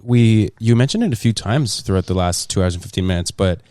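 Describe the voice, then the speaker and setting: A man with a Toronto accent, hosting a casual podcast chat in a jokey, relaxed way with plenty of fillers. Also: on the low side, fairly quick, dry recording. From Montreal, Canada. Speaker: podcast host.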